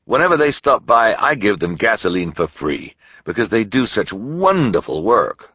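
A man's voice: lowish voice, very animated, moderate pace, breathy edge, no echo, highs cut off. A man voicing a friendly, scruffy little shopkeeper who chats and holds firm opinions, in a storybook reading. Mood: chatty. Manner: chatty, opinionated.

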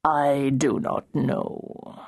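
A woman's voice: sits low, expressive, heavily acted. A woman voicing a cold, cryptic unseen spirit. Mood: ominous. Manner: slow, quiet, drawn-out menace. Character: mysterious powerful male spirit, cold and cryptic. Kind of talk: audiobook character voicing.

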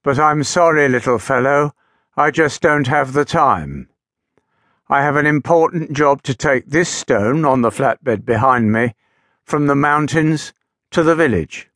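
A man's voice: medium pitch, unhurried, no echo, studio quality, close to an everyday voice. A man as a big kind crane engine. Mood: gentle. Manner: kind, calm, fatherly.

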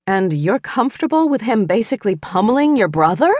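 A woman's voice: medium pitch, big pitch swings, a little fast, a little mellow, no echo, pitched above the performer's own voice. A woman narrator voicing a sardonic female jackal shifter who looks after her siblings. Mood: exasperated. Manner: sardonic, snappy. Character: sharp, exasperated female jackal shifter, mother figure.

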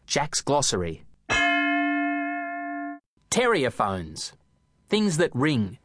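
A man narrating a children's audiobook in a playful, expressive storytelling manner. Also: fairly high pitch, measured pace, no echo.

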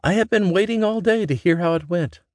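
A man's voice: high-pitched, brisk, a little mellow, no echo, studio quality, pitched above the performer's own voice, lightly acted. A man putting on a fond teasing mother. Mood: eager. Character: warm teasing middle-aged mother.

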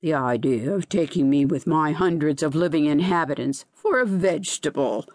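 A wistful, touchy male zoophyte, put on by a woman reader, speaks low and plaintive in a murmur. The voice sits close and dry. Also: animated, moderate pace, darkish tone, no echo. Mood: indignant.

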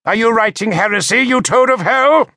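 Man doing a cruel jeering old bishop, shrill and high, sneering, dry close sound. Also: moderate pace, pushed and bright, dry recording. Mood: accusing. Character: spiteful scheming old male bishop, cackling and cruel.

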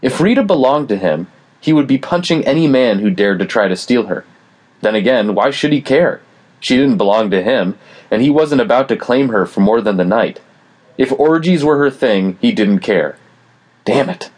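A man giving steady scripted audiobook narration, reading a novel and voicing its dialogue quietly. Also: mid-range voice, moderate pace, no room sound.

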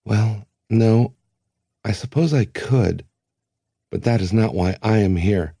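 A man voicing a naive young man who asks wide-eyed questions, his voice rising high as he struggles to understand. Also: slow pace, vocal fry, warm tone, husky, dry recording, exaggerated voice. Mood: bewildered.

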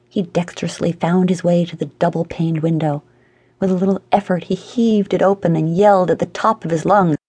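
A woman narrating a humorous audiobook in a measured, expressive storytelling manner. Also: lowish voice, slightly rough, dry recording. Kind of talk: scripted narration.

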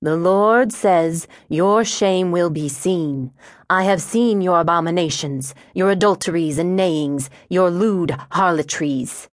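Sneering male hate preacher, voiced by a woman, slow intoning delivery, dry close sound. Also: fairly low pitch, no echo.

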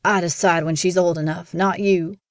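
A woman narrator voicing an abusive father who yells harshly, in a dry recording. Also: lowish voice, fairly even intonation, normal speed, dry recording, lightly acted. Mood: cold anger. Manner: yelling, harsh. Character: abusive angry father, grown man.

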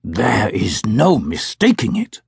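A man doing a slow, solemn plainsman. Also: on the low side, huge pitch swings, gravelly, a little mellow, breathy edge, no room sound, clean studio sound, heavily acted. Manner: slow, measured, solemn speech. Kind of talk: audiobook character voice.

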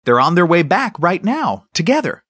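A firm but gentle storybook mother, as a man narrating puts her on, teasing her son with a dry wit. Her voice sits a little higher and rises and falls lively, recorded close and dry. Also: normal speed, husky, no echo, full character voice.

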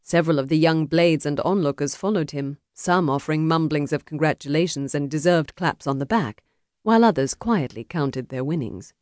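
A woman narrating an unabridged historical romance audiobook in a measured storytelling manner. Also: sits low, a little mellow, no echo. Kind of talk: scripted narration. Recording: dry, close studio audiobook.

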